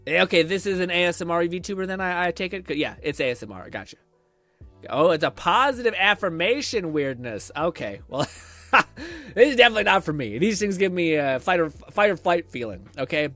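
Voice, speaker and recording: Animated high-voiced guy. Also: fairly quick, faint music behind. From Canada. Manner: animated, swears, laughs often, blunt. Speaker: streamer. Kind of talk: casual reaction stream.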